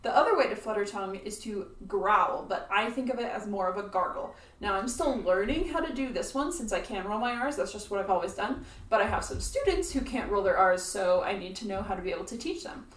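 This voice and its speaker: A woman flute teacher explaining playing techniques in a friendly, clear instructional video. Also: mid-range voice, animated, a little fast, a bit bright, echoey room, recorded from a distance.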